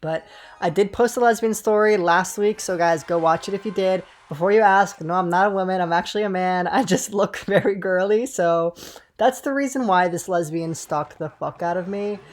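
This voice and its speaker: A man in his twenties, high-pitched and speaking at a moderate pace, tells a rambling, swear-filled story while playing a game. He keeps breaking off to address his viewers in this casual gameplay storytime.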